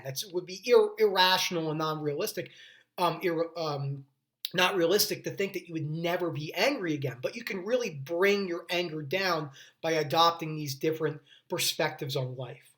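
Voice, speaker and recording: A man's voice: on the high side, normal speed, fairly bright tone. A young man hosting a mental health video, talking earnestly in a casual, rambling way, often restarting his sentences and going off on tangents. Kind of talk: casual talking-head explainer.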